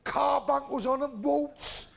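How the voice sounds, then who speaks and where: Brash comedian with gravelly voice. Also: male voice, very high voice, slow pace. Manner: brash, rude storytelling with coarse punchlines. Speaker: stand-up comedian. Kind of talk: live stand-up comedy. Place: stage before a live audience.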